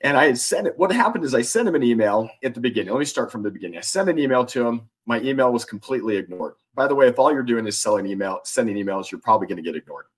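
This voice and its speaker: A man, an influence expert and author, telling animated stories as a podcast interview guest, with frequent restarts. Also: medium pitch, very fast, hardly any pauses, husky.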